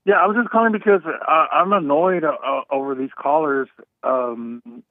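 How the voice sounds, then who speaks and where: A man's voice: medium pitch, normal speed, no echo. A man from Houston, Texas, calling into a talk show, casual and annoyed, often asking "you know what I mean". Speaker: caller. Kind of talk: phone call-in chat. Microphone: phone. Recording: tinny phone line, dry.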